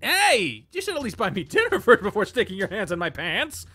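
A man's voice: high-pitched, wildly swooping pitch, a little fast, bright, forceful tone, slightly rough, pitched above the performer's own voice, exaggerated voice. A man doing a scrawny, cheeky young wisecracker. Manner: joking and cheeky.

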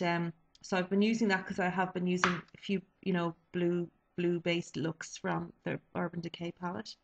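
A woman's voice: fairly low pitch, highs cut off. A woman chatting casually about her favourite makeup products in a vlog, with lots of ums and restarts. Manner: chatty, many fillers and restarts. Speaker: beauty vlogger.

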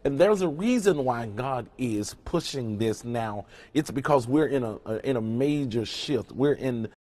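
Man, pastor, emphatic sermon, repeats phrases for stress, greets people by name, mid-pitched voice. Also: expressive, unhurried, a little mellow. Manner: greets listeners by name between points. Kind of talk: preaching to an online congregation.

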